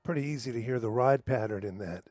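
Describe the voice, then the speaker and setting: A man, a jazz drummer and producer, sharing his favourite rudiment in a relaxed, modest way. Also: medium pitch, fast talker. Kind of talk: drum tip.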